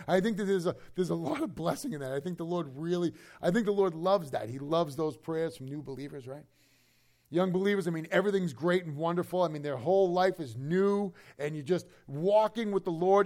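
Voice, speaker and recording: A man preaching a sermon in a conversational, animated way, slipping into quick acted asides. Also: fairly high pitch.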